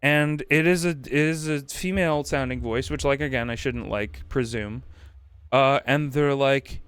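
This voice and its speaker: A man's voice: mid-range voice, measured pace, a bit bright, smooth, no room sound. A man streaming, telling a rambling, profane anecdote in casual chat and acting out quotes. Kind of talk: casual storytelling on a livestream.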